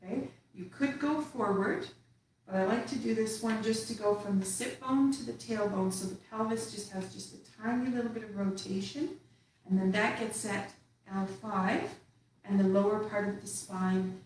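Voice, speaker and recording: A woman teaching a tai chi class, calmly calling out slow movement cues. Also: mid-range voice. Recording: echoey room, far from mic, faint hiss.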